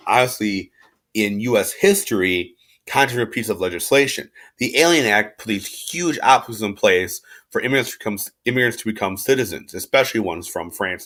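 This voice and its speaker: A man's voice: on the low side, a bit bright. A man giving an informal history lecture as a teacher, talking casually with lots of fillers and asides.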